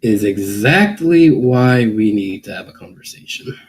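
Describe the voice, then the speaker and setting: Stern male throne agent, read by a man, measured and authoritative, unhurried. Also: fairly low pitch, expressive. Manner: lectures with firm, measured authority.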